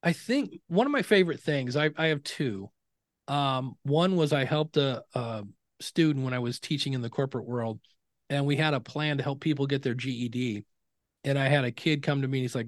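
A middle-aged man talks as a guest in a casual interview. He tells stories with energy and slips into the voices of people he quotes. His voice sits at a middle pitch, and the recording is dry and close. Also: a little fast, no room sound. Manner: animated storyteller who acts out quoted dialogue. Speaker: podcasting expert guest.

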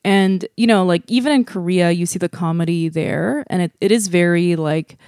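A woman who grew up in Asia, co-hosting an interview in a relaxed conversational way. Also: on the low side, moderate pace, clear, resonant tone, no echo, studio quality. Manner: conversational, frequent backchannel agreement. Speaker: podcast co-host. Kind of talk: casual interview chat.

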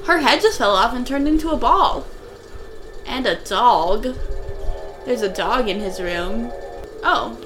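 Giggly high-voiced woman, slow and lively. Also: music in the background. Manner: giggly, jokey, swears freely. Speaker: podcast co-host. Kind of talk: casual movie watch-along chat.

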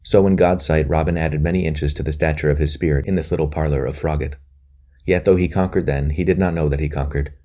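A man narrating a historical novel, measured and earnest. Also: a bass voice, steady tone, dark tone. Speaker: audiobook narrator. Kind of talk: scripted narration.

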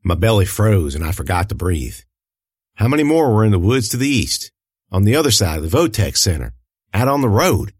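A man narrating a first-person audiobook in an expressive, lively storytelling manner. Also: fairly low pitch, a little fast, husky, no room sound.

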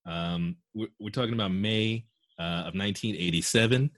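A male host sets up questions and scenes with a straight face. His voice sits very low. The sound is dry and close, with no room around it. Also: moderate pace, fairly bright tone, no room sound. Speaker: interview host. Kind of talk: casual comedic interview.

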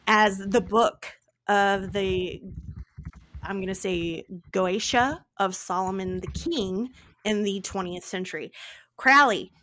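A woman co-hosting a podcast in casual chat, animated and playful, with dramatic asides. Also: mid-range voice, slow pace, a little hiss or hum. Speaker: podcast co-host.

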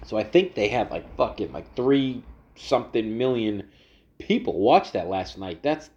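A man's voice: fairly low pitch, animated, unhurried, a little mellow, dull audio. A man ranting casually about politics, rambling and swearing, with lots of restarts and fillers. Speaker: political commentary vlogger.

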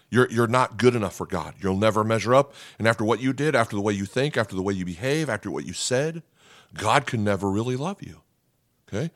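A man's voice: on the low side, expressive, fast talker, a bit bright, dry recording, studio quality. A man preaching a sermon in an earnest way, repeating key lines and acting out quoted prayers. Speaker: pastor.

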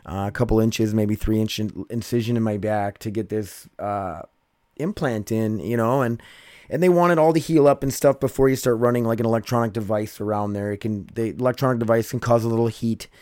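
A man's voice: on the low side, brisk, a little mellow, smooth, no echo, studio quality. A man hosting a casual late-night podcast monologue, rambling loosely and calling out to his listeners as he goes. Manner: rambling, loose, keeps saying "you guys" and "dude". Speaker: podcast host.

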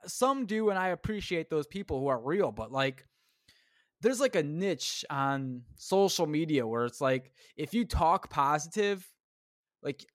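Recorded in clean studio sound with no room ambience, a man with a slightly high voice hosts a solo podcast. He rants in a casual, rambling way, cursing nonstop, wandering onto tangents and cutting himself off.

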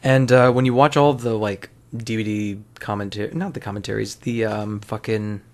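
A man's voice: fairly low pitch, fairly even intonation, normal speed, darkish tone. A man giving casual, rambling commentary while watching an old film, often correcting himself and swearing offhand.

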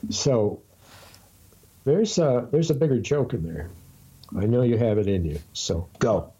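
A man's voice: medium pitch, very animated, unhurried, mellow, husky, muffled recording. A man in casual conversation who teases his friend, laughs often and rambles. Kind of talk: casual chat.

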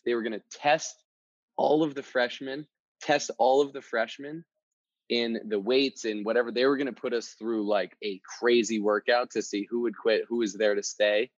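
A man hosting a motivational podcast, telling a personal story in a casual, energetic way and often repeating himself. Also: medium pitch, no room sound. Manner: energetic, conversational, repeats words. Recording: dull, dry sound.

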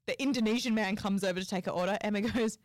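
A woman, co-hosting a podcast in casual chat with quick joking banter and free swearing. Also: mid-range voice, no echo, studio quality. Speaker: podcast co-host.

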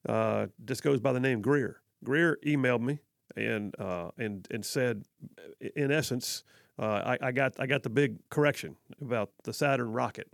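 Casting: middle-aged Southern man, radio talk host, gravelly, dry close studio mic, chatty and quick to laugh. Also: mid-range voice, no room sound. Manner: chatty, self-deprecating, laughs often. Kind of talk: casual call-in radio talk. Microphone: studio microphone.

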